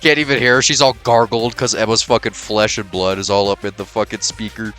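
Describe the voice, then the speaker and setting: A man's voice: fairly low pitch, fairly even intonation, a little fast, pushed and bright, soft background music. A man giving casual, profane, joking let's play commentary.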